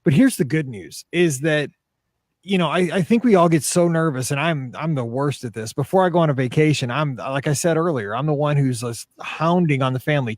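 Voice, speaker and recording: A man's voice: a little high, a little fast, no echo, clean studio sound. A middle-aged man co-hosting a podcast, chatting casually in a rambling, self-deprecating way. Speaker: podcast co-host. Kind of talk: casual chat.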